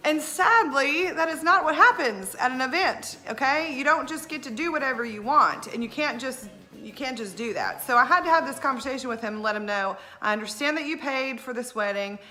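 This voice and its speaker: A woman, a wedding planner telling stories in a casual, animated way, often laughing and acting out what others said. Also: high-pitched, fairly quick, hardly any pauses, soft background music. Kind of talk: casual storytelling.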